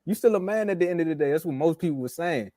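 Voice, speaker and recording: A man co-hosting a sports podcast, telling stories in a relaxed, casual way and acting out quotes. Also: fairly high pitch, fast talker, no room sound. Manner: relaxed storyteller who acts out quotes.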